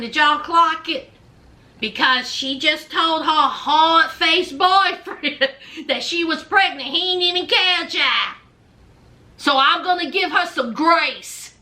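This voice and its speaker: A woman's voice: sits high, slow, pushed and bright. A woman recapping a reality show, acting out both sides of each scene and adding sassy asides. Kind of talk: casual episode recap and commentary.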